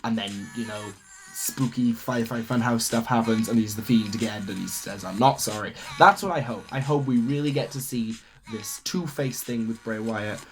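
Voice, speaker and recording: A young man, hosting a wrestling podcast alone, gushing as an excitable fan. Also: medium pitch, moderate pace, soft background music. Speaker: podcast host. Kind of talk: solo wrestling podcast rundown.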